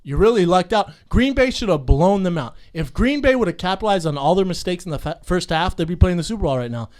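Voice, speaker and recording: Insistent joking man, high voice. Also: expressive, quick pace, darkish tone. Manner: joking, insistent, repeats himself. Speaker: podcast co-host. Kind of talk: casual podcast banter.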